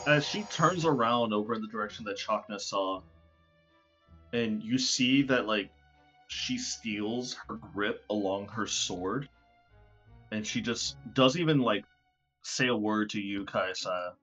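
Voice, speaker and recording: A man's voice: on the low side, unhurried, fairly bright tone. A man running a tabletop game as game master, narrating casually with lots of fillers. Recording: dull lo-fi recording with faint music.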